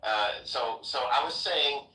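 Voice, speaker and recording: A man weighs in during a casual political debate, searching for words and repeating himself. His voice is bright and tense. It is picked up from a distance in a room with a noticeable echo. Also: medium pitch, unhurried. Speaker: podcast panelist. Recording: roomy echo, distant mic.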